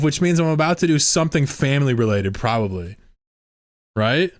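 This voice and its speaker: Young male streamer, animated and crude, dead-dry mic. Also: medium pitch, normal speed, no room sound. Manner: profane, excitable, laughs often. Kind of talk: casual live-stream commentary.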